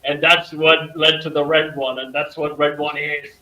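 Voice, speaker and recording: A man's voice: a little high, little pitch movement, normal speed, sharp tone, muffled recording. A man on a live geek panel, chatting casually, joking and swearing. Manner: laughs a lot, swears casually. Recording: echoey room.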